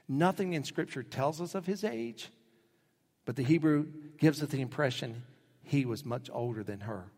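A middle-aged male pastor preaching a sermon, telling stories animatedly and acting out quotes with sudden jumps in pitch. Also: normal speed, a little mellow. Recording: husky voice with long hall reverb.

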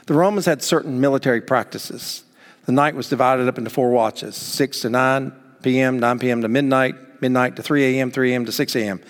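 A man's voice: medium pitch, fairly even intonation, a little fast. A man preaching a sermon, reading scripture and acting out its quotes with dramatic emphasis. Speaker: pastor. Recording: long hall reverb.

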